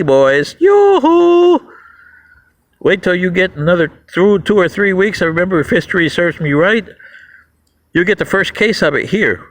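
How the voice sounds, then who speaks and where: A man's voice: a bit bright, poor audio. A man hosting his own channel, delivering a mocking, ranting monologue and laughing at his audience. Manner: mocking, laughs at the audience, swings pitch widely. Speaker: YouTube channel host.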